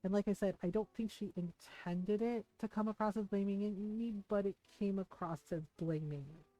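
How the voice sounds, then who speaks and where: Chatting casually while gaming, a middle-aged woman speaks at normal speed in a medium-pitched, dark-toned voice. Her personal story rambles candidly with many fillers and restarts. Faint game music plays, and the recording quality is low.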